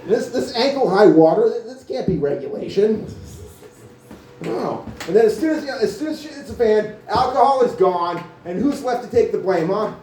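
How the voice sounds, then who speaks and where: A man's voice: high voice, expressive, moderate pace, warm tone. A man doing a rambling, profane stand-up comedy set in a small cafe venue, full of filler words. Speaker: stand-up comic. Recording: echoey room, mic from far off.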